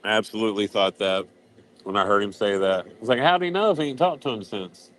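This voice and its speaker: A man's voice: lowish voice, fast, a bit bright. A man on a livestream panel, matter-of-fact and knowing. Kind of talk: casual livestream chat.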